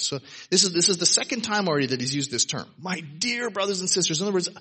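This man's voice is high-pitched, husky and sharp, and he talks fast and animatedly. He's a pastor giving a conversational sermon before his congregation at church, casual but emphatic, with frequent "right?" tossed in.

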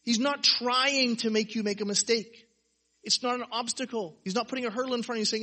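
Animated male preacher with a bright, husky voice. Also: very high-pitched, brisk. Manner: animated, rhetorical questions, acts out quotes. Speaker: pastor. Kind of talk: sermon.

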